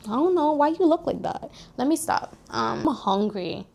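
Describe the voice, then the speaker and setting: A young woman in her twenties vlogging casual life advice, animated and preachy, talking straight to her viewers. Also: sits high, normal speed. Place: New York, recording outdoors near street traffic.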